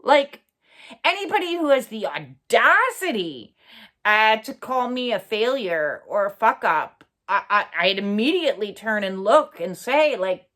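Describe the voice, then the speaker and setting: Slow, halting woman speaker. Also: mid-range voice, very animated, sharp tone. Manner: earnest, halting, many fillers and pauses; blunt, swears for emphasis. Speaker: spiritual channel host. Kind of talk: reflective personal monologue.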